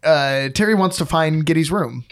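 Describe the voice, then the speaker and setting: Tabletop player, in-character improv, hesitant, thinking aloud, medium pitch. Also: moderate pace.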